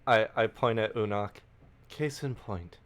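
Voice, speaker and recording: Slow, halting man at a game table. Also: fairly low pitch, a bit bright. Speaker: player. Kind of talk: casual tabletop narration.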